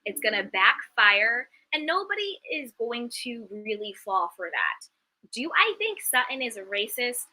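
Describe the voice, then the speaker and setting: Young adult woman, very bright tone, slightly high pitch, emphatic casual live-stream chat. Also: very animated, measured pace, rough recording. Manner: candid, emphatic, chatty, reads viewer comments aloud. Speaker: reality TV commentary host.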